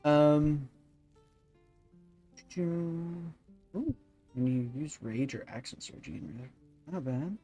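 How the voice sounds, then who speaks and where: A man's voice: a little high, takes it slowly, pauses often, warm tone, faint music behind. A man hosting a let's-play video, rambling and thinking aloud with many fillers. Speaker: gaming channel host.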